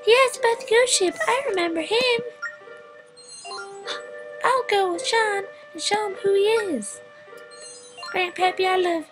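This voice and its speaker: Woman doing a squeaky eager young granddaughter. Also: unhurried, pauses often. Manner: squealing, excitable. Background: game music.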